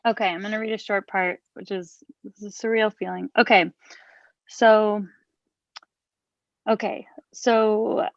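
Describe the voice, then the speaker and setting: Woman, interviewer and author; halting, filler-heavy chat mixed with reading aloud; dry, lo-fi audio. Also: mid-range voice, steady tone, gravelly, no room sound. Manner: hesitant, with many fillers and restarts in chat. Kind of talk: casual conversation and reading aloud from her book.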